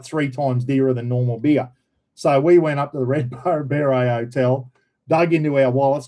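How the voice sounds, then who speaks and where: Australian man telling a yarn. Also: mid-range voice. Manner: animated, acts out quoted shouts, laughs mid-sentence. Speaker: vlogger, former police officer. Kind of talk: casual storytelling.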